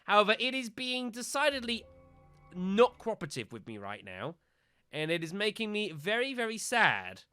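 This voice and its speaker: Animated, bright-voiced male game streamer. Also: sits high, moderate pace, clean tone, soft background music. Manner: exasperated, animated, addresses viewers as folks. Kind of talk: live gameplay commentary.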